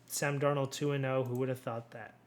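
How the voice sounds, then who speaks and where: A man's voice: mid-range voice, level tone, a little fast. A young man hosting a casual solo sports recap, rambling and blunt, swearing freely and restarting his sentences often. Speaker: sports commentary host.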